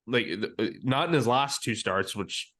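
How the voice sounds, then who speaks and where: A man co-hosting a sports podcast in loose, casual chat. He rants with heat and swears freely, his voice sitting at an ordinary middle pitch. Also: lively intonation, moderate pace, fairly bright tone. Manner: heated, profane ranting. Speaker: podcast co-host.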